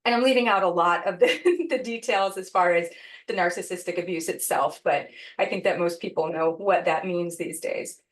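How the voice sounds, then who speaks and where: A woman guest on an interview podcast, telling a personal story in an earnest, reflective way with pauses and restarts. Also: on the low side.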